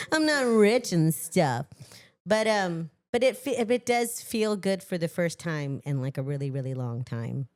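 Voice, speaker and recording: A middle-aged woman from Los Angeles, a singer chatting as a guest on a casual podcast, animated and self-deprecating, laughing often. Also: fairly low pitch, unhurried.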